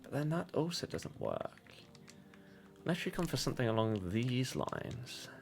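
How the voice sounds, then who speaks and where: A man's voice: mid-range voice, huge pitch swings, normal speed, vocal fry. A man playing as a guest in a gaming video, thinking aloud in a muddled, self-questioning way. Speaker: guest player. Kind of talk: casual gaming chat. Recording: music playing faintly behind.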